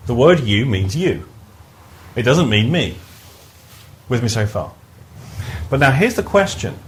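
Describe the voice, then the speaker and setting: A man's voice: mid-range voice, sing-song, unhurried, a little hiss or hum, poor audio. A man leading a workshop, explaining ideas conversationally with stories and restarting his sentences. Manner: conversational, repeats words when restarting. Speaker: workshop trainer. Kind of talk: live teaching talk with anecdotes. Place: training room with a live group.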